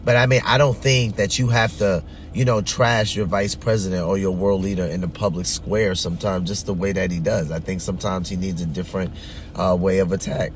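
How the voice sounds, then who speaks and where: Man, reaction host, earnest rambling commentary, low pitch, faint noise behind. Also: steady tone, fairly quick. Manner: rambling, filler-heavy, earnest. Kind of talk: casual commentary.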